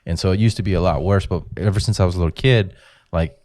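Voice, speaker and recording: Low-voiced comedian, loose and profane. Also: male voice, fast talker, a little mellow, no room sound, clean studio sound. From Mexican-American. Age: 40s. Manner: loose, profane storytelling that jumps into mocking quoted voices. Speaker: comedian guest. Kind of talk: casual podcast chat.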